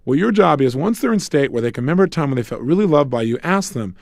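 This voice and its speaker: A man's voice: a little high, animated, fast talker, creaky, darkish tone, dry recording, studio quality. A middle-aged man giving a motivational self-help lecture, emphatic, asking rhetorical questions and acting out bits of dialogue.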